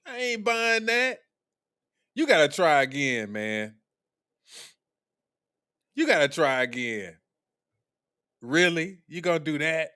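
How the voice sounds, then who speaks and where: Mocking streamer man with a lively high voice. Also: takes it slowly, long pauses, clear, resonant tone. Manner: mocking, laughing, profane. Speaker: streamer host. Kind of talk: live stream reaction commentary.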